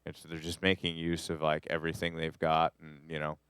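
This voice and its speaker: Low-voiced canadian guy rambling through a production class, dry close sound. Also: completely flat delivery, fairly quick, fairly bright tone, clear, resonant tone, no echo. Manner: rambling, jokey, talks to the audio as he edits. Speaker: music production instructor. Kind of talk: live studio master class.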